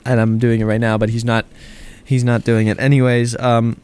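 A man's voice: mid-range voice, level tone, normal speed, a little mellow, slight background noise. A man co-hosting a show, chatting in casual, jokey banter and laughing often.

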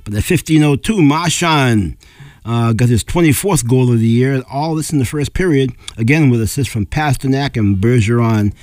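A male local radio announcer losing his voice, reading sports scores on air in plain, unhurried fashion, clearing his throat now and then. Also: mid-range voice, darkish tone, dry recording. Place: radio studio.

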